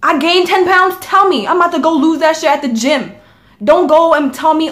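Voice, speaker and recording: A woman's voice: sits high, fairly quick. A young woman vlogging in casual chat, talking bluntly and swearing freely as she rants. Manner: blunt, profane, ranting.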